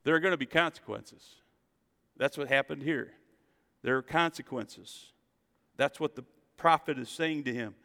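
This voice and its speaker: A man preaching a sermon as a pastor, reading scripture and building to loud, emphatic calls to the congregation. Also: mid-range voice, moderate pace, gravelly, long reverb tail. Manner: preaching with rising, shouted emphasis and call-and-response asides.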